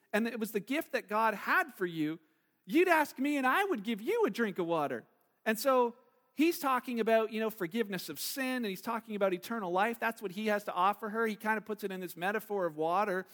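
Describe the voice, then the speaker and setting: A middle-aged man gives a sermon, talking easily and acting out the people in his story. His voice sits high. A long reverb trails after his words. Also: a bit bright. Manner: conversational, acts out the people in the story. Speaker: pastor.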